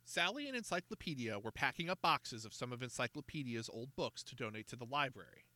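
A man narrating a children's mystery audiobook with a lively, expressive delivery. His voice is bright and close, with a dry sound and no room echo. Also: medium pitch, a little fast. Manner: expressive, storytelling.

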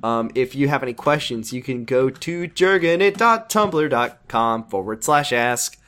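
A man co-hosting a podcast in casual chat, animated, laughing often and swearing. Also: mid-range voice, unhurried, smooth. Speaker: podcast co-host.

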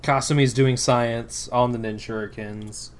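A man's voice: medium pitch, steady tone, measured pace. A man chatting casually as a podcast co-host, wry and joking, with the odd curse. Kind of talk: casual fan chat.

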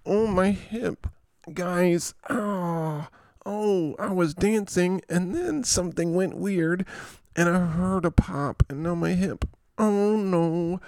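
A man's voice: sits high, takes it slowly, a little mellow, dry recording, clean studio sound, voice pushed up. A man voicing a whiny, self-pitying injured football player who whimpers about his aches and pleads for help. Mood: whimpering.

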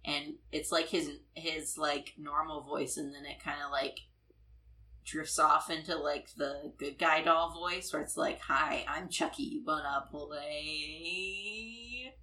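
Low bright-voiced woman, rambling chat. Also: flat delivery, measured pace, a little hiss or hum, rough recording. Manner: rambling, lots of "like" and "uh", laughs often. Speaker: podcast co-host. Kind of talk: casual film discussion.

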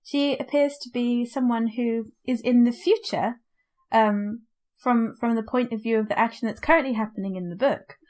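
A woman's voice: fairly high pitch, moderate pace, darkish tone. A woman co-hosting a podcast, chatting casually about a book and rambling with lots of fillers and asides. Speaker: podcast co-host. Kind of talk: casual book-club chat.

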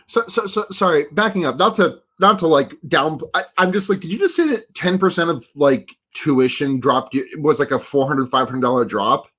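A man's voice: a little high, normal speed, few pauses, a bit bright. A young man hosting a podcast in casual chat, giggly and stumbling over repeated words. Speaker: podcast host.

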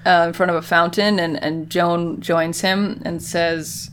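A woman's voice: fairly low pitch, unhurried, hardly any pauses, slight background noise. Woman animatedly retelling a TV episode. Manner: animated retelling, acting out characters' lines. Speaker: podcast host recapping a TV episode. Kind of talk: casual chat.

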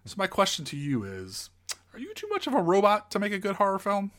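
A man co-hosting a film podcast, asking playful questions in a deadpan way. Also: sits high, fairly quick. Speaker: podcast co-host. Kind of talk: casual comedic film chat.

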